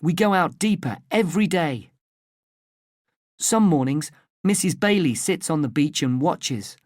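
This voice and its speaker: A narrator reading a simple story aloud in a plain, careful and deliberate way for English learners. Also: mid-range voice, expressive, darkish tone, no echo, clean studio sound.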